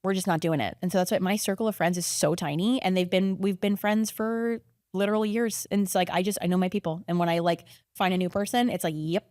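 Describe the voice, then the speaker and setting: A young adult woman, a podcast guest in casual conversation, talking quickly and filling her sentences with "like" and "you know what I mean.". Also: medium pitch, steady tone, darkish tone, no echo, studio quality.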